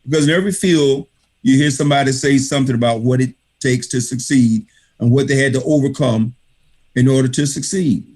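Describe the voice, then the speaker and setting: A man speaks over a video call in a middle-pitched voice, delivering an emphatic motivational talk. He drives his points home by repeating key phrases in a preacher-like rhythm. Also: brisk, darkish tone. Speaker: author thanking readers at an online book reading. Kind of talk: motivational speech.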